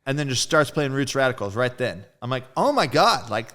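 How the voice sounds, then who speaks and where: A man's voice: mid-range voice, fairly quick. A man telling a story as a guest in a casual interview, loose and profane, acting out the voices of friends he quotes. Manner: animated storyteller who acts out quoted friends. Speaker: guest drummer.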